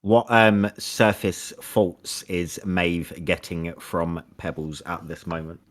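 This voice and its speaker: A man running a tabletop game as game master, giving brisk, directive calls for rolls. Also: sits low, level tone.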